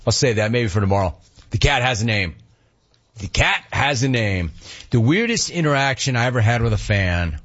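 A middle-aged man hosting a sports radio show, answering listener questions in a casual, animated way and acting out dialogue. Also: medium pitch, moderate pace, lo-fi sound. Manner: animated storyteller, acts out dialogue.

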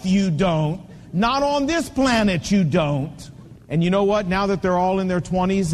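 A man's voice: sits high, long reverb tail. A middle-aged man preaching a sermon to fathers with emphatic, repetitive cadences and folksy asides.

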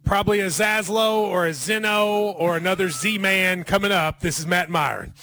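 A man's voice: sits high, moderate pace. A man hosting a casual radio sports talk segment, playful with jokey asides.

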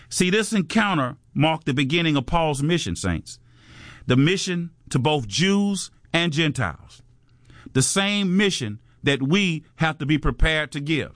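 Male preacher, fervent and repetitive, slightly higher voice, dry recording. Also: a bit bright, no room sound. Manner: fervent, repetitive call-and-response exhortation. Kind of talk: sermon.

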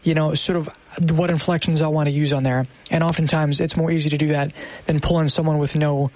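A man's voice: fairly high pitch, level tone, a little fast, a little mellow. A young man talking casually about making radio spots, upbeat and self-deprecating. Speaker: military radio producer and voice actor. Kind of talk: casual chat.

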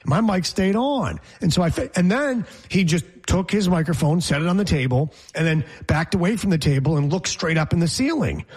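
A man, a reporter, telling a story in casual chat, emphatic and animated. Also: high-pitched, a little fast, hardly any pauses, breathy edge. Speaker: reporter guest.

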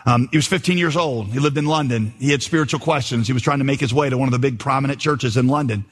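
A pastor preaching a sermon in a conversational way, reading a quoted story aloud. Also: male voice, medium pitch, quick pace, breathy edge. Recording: long hall reverb.

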